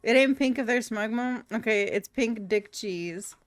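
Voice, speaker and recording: A woman's voice: a little high, unhurried, no room sound. A woman streaming a game live, chatting crudely with her viewers and giggling while she plays. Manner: crude, giggly, talks to chat while playing.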